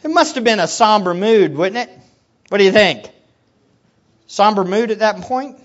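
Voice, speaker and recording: A preacher giving a sermon, swinging from hushed low teaching to loud excited exclamations and putting questions to the listeners. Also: moderate pace, pauses often. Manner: asks the audience questions.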